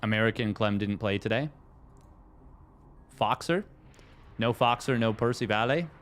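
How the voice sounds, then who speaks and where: A man's voice: on the low side, a little slow. A Canadian man casting a tournament in a casual, chatty way, answering viewers' questions aloud. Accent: Canadian English. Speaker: tournament caster. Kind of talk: casual live commentary and chat reading.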